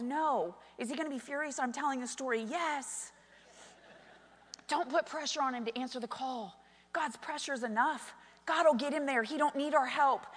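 A middle-aged woman pastor preaching a sermon, moving from soft storytelling to loud, emphatic calls. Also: high-pitched. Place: church sanctuary. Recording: long reverb of a large hall.

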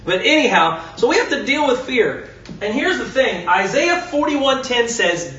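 A young man giving an animated children's sermon, talking straight to the kids and acting out the story. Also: very high-pitched, normal speed, highs cut off, a little hiss or hum. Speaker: youth pastor. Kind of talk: children's sermon with object lesson.

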